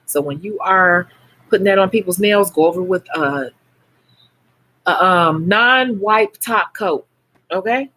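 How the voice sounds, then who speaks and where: Woman, Chicago accent, slightly low voice, casual live-stream chat, frank advice, answering comments. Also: a bit bright. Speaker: nail technician hosting a live stream.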